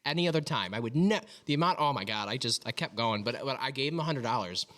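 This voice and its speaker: A man chatting on a podcast, words tumbling out quickly. He rambles, backtracks and loses the thread, a tangent-prone storyteller among friends. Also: medium pitch, expressive, fairly bright tone. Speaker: podcast co-host. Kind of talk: casual chat.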